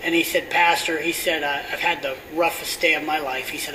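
A middle-aged pastor telling a story in a sermon, often sinking to a hushed near-whisper. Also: male voice, a little high, fairly quick. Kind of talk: sermon testimony. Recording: distant mic with steady air conditioning hum.

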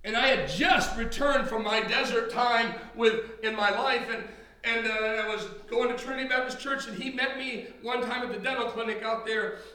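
A man's voice: very high-pitched, moderate pace, bright, forceful tone. A man preaching a personal testimony sermon in a church, emphatic, repeating words as he builds. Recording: very echoey hall.

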